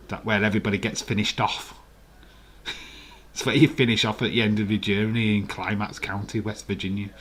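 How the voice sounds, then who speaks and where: A man's voice: on the low side, flat delivery, moderate pace, a bit bright. A man with a Yorkshire accent, hosting a live watch-along stream and chatting casually, teasing viewers in the chat. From England.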